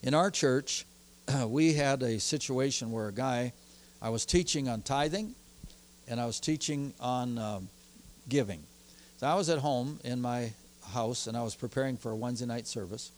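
A man preaching a sermon as pastor, telling stories from his church in an animated way and growing excited as he goes. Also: medium pitch, moderate pace. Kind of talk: sermon with personal storytelling.

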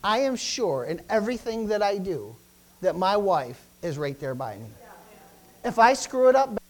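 A man's voice: high-pitched, big pitch swings, moderate pace, low-quality recording. A middle-aged man preaching a sermon as pastor, stumbling into restarts, calling out Amen, and building to emphatic peaks.

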